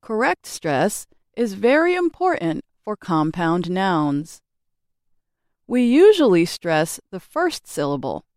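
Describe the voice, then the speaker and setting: A woman teaches an English grammar lesson in a slow, unhurried read. Her voice is smooth and resonant, and her intonation rises and falls a lot. The recording is dry and close. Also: mid-range voice, dry recording. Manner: slow, careful, clearly enunciated teaching delivery. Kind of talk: scripted narration of a grammar lesson.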